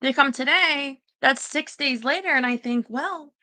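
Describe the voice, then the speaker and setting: A woman's voice: sits high, normal speed, pushed and bright. A woman rambling anxiously in casual livestream chat, talking straight to her viewers.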